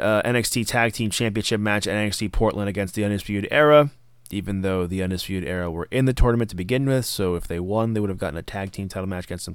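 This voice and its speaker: A man's voice: medium pitch, smooth, dry recording, clean studio sound. A man hosting a podcast, reviewing wrestling events in a casual, enthusiastic monologue and sometimes acting out lines. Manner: enthusiastic, acts out quoted lines. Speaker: podcast host.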